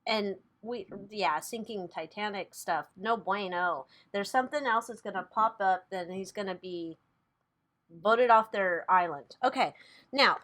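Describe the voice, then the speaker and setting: A woman's voice: medium pitch, a bit bright. A woman hosting a casual tarot reading vlog, chatty and loose, who swears freely and laughs at herself. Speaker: tarot reader and channel host.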